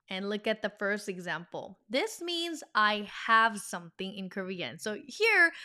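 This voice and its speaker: A woman teaching an online language lesson in an upbeat, animated, teacherly way. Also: mid-range voice.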